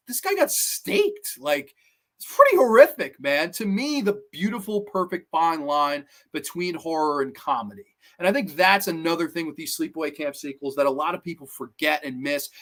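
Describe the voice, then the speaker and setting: A man giving casual, animated commentary as a horror movie reviewer, swearing freely and acting out scenes in funny voices. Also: high voice. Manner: animated, profane, acts out quotes in funny voices.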